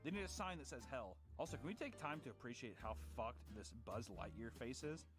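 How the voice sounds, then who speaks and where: A man's voice: medium pitch, animated, fairly quick, music in the background. A young man streaming, giving casual reaction commentary in a profane, mocking way and laughing often.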